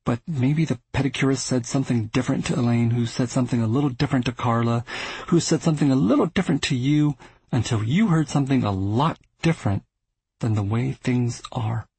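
A man's voice: medium pitch, expressive, normal speed, creaky, darkish tone, breathy edge, no room sound, full character voice. A man voicing a defensive, resentful middle-aged man who answers his brother with earnest insistence, in a storybook reading.

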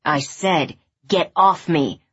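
A woman voicing a young former policeman who speaks curtly and firmly, with a husky voice on a dull lo-fi recording. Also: lowish voice, moderate pace. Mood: angry. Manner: curt, firm. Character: young man, angry protective ex-cop.

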